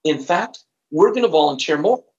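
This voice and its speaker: A man voicing his calm, blunt wife, who talks in firm, questioning, matter-of-fact sentences. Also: sits low, normal speed. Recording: roomy, slightly dull recording.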